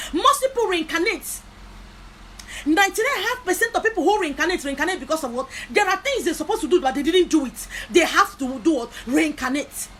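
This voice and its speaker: High-voiced woman preaching on a live vid, fired up, keeps repeating stuff and asking questions, bit of background noise. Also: fairly bright tone, low-quality recording. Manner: rhetorical questions, impassioned; repeats words and phrases. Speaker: spiritual teacher. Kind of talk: live video talk.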